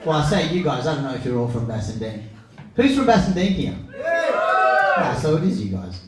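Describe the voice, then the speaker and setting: A young man MCs a comedy night on stage in a pub function room, doing brash stand-up crowd work where he teases the audience and swears freely. His voice is a little high, swings hugely in pitch, and moves at a moderate pace. The mic is distant, the room is echoey, and the crowd can be heard.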